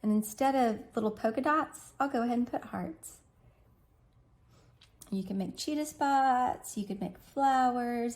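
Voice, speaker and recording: A woman in her thirties, an art teacher, gives a chatty, encouraging step-by-step drawing lesson for kids, thinking aloud as she draws. Her voice is fairly high with a darkish tone.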